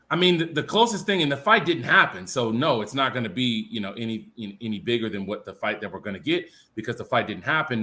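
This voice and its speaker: A man's voice: lowish voice, bright, forceful tone. A man co-hosting a boxing live stream, giving thoughtful analysis in long, filler-laden stretches. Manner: thoughtful, talks in long qualified runs with many fillers. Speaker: panel co-host.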